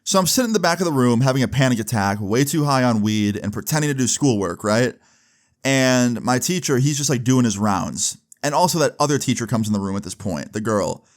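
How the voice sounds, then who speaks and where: Young man, casual storytelling, animated, lots of "like" and "right". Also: mid-range voice, fairly quick. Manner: animated, swearing, fillers like "like" and "right". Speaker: vlogger.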